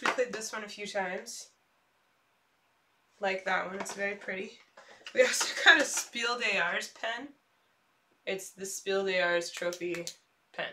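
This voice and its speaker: A young woman streaming herself unpacking board games in casual chat, excitable and prone to trailing off mid-sentence. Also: medium pitch, recorded from a distance, background noise.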